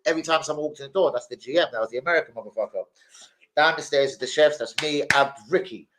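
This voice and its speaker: A man's voice: fairly high pitch, fast talker, low-quality recording. Crude, swearing man streaming. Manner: crude, swearing, animated storytelling. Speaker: live stream host. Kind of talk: casual live stream chat.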